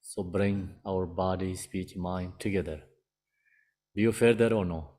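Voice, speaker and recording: A man giving a dharma teaching as a meditation teacher, speaking in halting, simple phrases with pauses and gently asking the audience questions. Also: low voice, steady tone.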